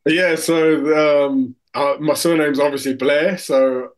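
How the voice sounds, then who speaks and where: A man's voice: a little high, steady tone, takes it slowly. A man from South Africa, a former paratrooper, chatting as an interview guest and telling army anecdotes. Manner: anecdotal, acts out shouting corporals. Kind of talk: casual interview chat.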